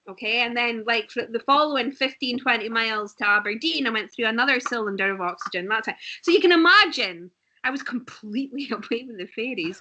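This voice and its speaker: Bright-toned woman telling stories. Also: a little high. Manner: animated storyteller, laughs often. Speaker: guest. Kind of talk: casual chat.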